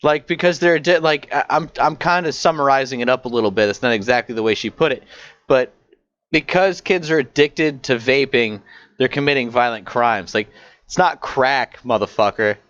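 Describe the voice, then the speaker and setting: A man's voice: medium pitch, moderate pace, fairly bright tone, no room sound. A man co-hosting a podcast, mocking and swearing in a casual chat. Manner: mocking, laughing, profane. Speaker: podcast co-host. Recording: slightly dull lo-fi audio.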